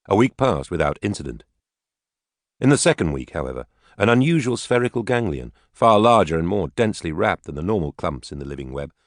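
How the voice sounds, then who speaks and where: Deep-voiced male audiobook narrator. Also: no room sound, clean studio sound.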